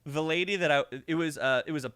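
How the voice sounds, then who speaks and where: A young man co-hosting a podcast, telling a story in a casual, animated way, acting out the people in it and swearing freely. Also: fairly high pitch, fast, clear, resonant tone, dry recording. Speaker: podcast co-host.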